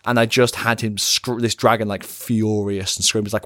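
A man talks quickly, with a lowish voice, in casual podcast chat. He tells animated stories and acts out quotes as he goes. The recording is dry and close. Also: no room sound. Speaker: podcast co-host and game master.

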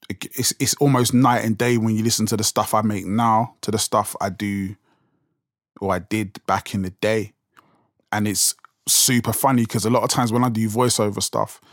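A man's voice: fairly low pitch, no room sound, studio quality. A young man with a London accent, talking casually as a podcast host, rambling with restarts and fillers. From England. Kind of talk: casual solo talk.

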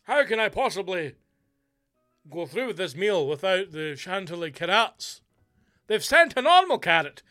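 Guy putting on a shrill indignant customer, loud and huffy, faint music behind. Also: very animated, normal speed, heavily acted. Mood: outraged. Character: outraged fussy male customer, indignant.

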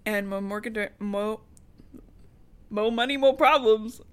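A woman's voice: fairly high pitch, unhurried, clean tone. A woman co-hosting a podcast, casually recapping a book in a loose, chatty way with plenty of swearing and laughter. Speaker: podcast co-host.

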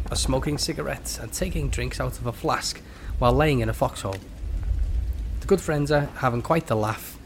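A man's voice: mid-range voice, slight background noise. A man with a slight cold, hosting a podcast and reading comic scripts aloud with frequent laughter. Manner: laughs often, relaxed.

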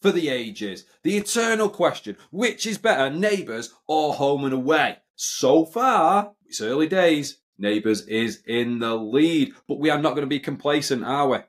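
A man's voice: on the high side, expressive, unhurried, hardly any pauses. Teasing male podcast co-host. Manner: teasing, blunt, swears casually. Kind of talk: casual podcast banter.

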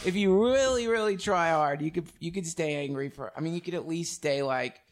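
Man, podcast host, fairly high voice, animated, casual, swears freely. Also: moderate pace. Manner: animated, swearing, laughing often. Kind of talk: casual conversation.

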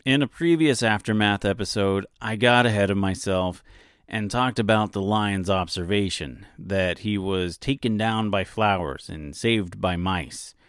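A man's voice: lowish voice, unhurried, clean tone, no room sound, clean studio sound. A man hosting an audiobook podcast, giving wry, self-deprecating commentary.

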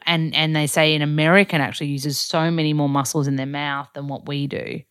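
A woman's voice: sits low, steady tone, brisk, few pauses, fairly bright tone, clean tone, no room sound, clean studio sound. An Australian woman in her thirties, hosting a podcast in a bubbly, giggly, chatty way. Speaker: podcast host. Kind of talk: casual chat.

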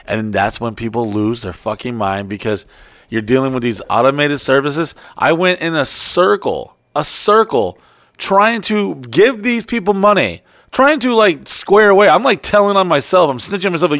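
A man's voice: on the high side, animated, normal speed, fairly bright tone, no room sound, clean studio sound. A man co-hosting a podcast, ranting angrily with lots of swearing in casual chat. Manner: angry ranting, heavy swearing. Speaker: podcast co-host.

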